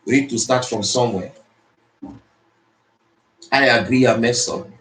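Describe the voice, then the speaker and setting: Motivational speaker, man, mid-pitched, preachy and repetitive, in an echoey room. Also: a little slow, a bit bright. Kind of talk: motivational speech. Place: speaking to an audience in the Philippines. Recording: roomy echo.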